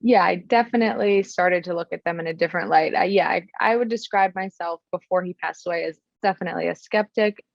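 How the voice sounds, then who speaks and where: A woman's voice: lowish voice, fast talker, creaky, hardly any pauses, no room sound. A young woman from Florida, a podcast guest telling a personal story in an earnest, reflective way, with many ums and restarts. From Florida, USA. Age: young adult. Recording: dull, dry, lo-fi sound.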